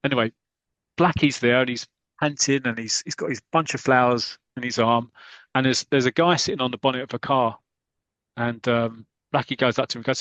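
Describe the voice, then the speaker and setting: A man's voice: mid-range voice, steady tone, brisk, fairly bright tone, no echo, low-quality recording. A man, a podcast co-host, chattily retelling a comic story in a rambling, casual way.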